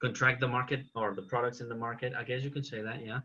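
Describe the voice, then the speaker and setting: A man's voice: mid-range voice, flat delivery, fast, bright, forceful tone, lo-fi sound. A man teaching an English class online, patiently correcting his students' examples.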